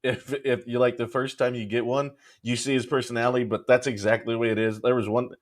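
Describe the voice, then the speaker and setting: A man's voice: mid-range voice, flat delivery, fast talker. A man co-hosting a sports podcast in casual chat, talking loosely and laughing along with the host. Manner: chatty, laughs along, repeats himself.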